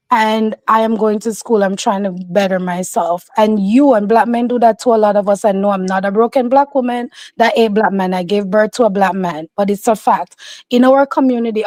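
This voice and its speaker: A woman's voice: medium pitch, a little mellow, dry recording. A woman giving casual, opinionated commentary, emphatic and insistent, acting out the voices of people she quotes.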